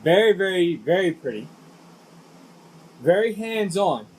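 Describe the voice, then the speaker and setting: A man's voice: high voice, unhurried, slight background noise, low-quality recording. A man co-hosting a podcast, chatting casually, teasing his friends and laughing often. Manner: lively, laughs a lot, teasing. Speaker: podcast co-host. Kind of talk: casual chat.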